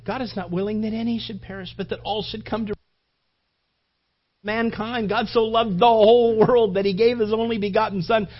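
A man preaching a sermon with passion, his voice rising toward shouts and then dropping low. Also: dull audio. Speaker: pastor.

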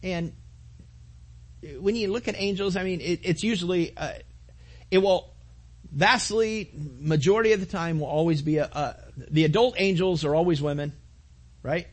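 A man's voice: high-pitched, normal speed, long pauses. A man preaching a sermon to his congregation, earnest, with repetitions and asides to the listeners. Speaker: pastor.

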